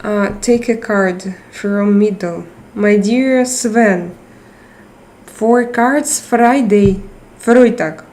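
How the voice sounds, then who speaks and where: A woman hosting a casual live chat, reading messages and talking to viewers in slow, chatty English with non-native phrasing. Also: mid-range voice, darkish tone. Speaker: livestream host reading chat.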